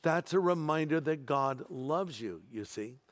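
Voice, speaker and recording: A man preaches a sermon, his voice sitting a little higher than most men's. He drives home his points with emphasis and drops in dry jokes along the way. Everything echoes with the long reverb of a large hall. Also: animated, a little slow. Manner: emphatic preaching with humorous asides. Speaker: pastor.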